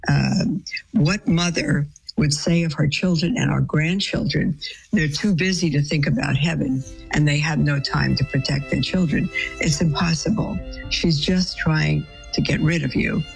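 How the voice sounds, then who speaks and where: A woman, a nun, reads listener letters aloud and answers them with gentle advice. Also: sits low, unhurried, creaky, soft background music, low-quality recording. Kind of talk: advice show reading letters.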